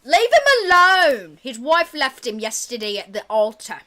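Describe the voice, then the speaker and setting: A woman's voice: a little high, expressive, moderate pace, lightly acted. A woman voicing a sturdy, brusque barkeep woman who hauls kegs and talks bluntly.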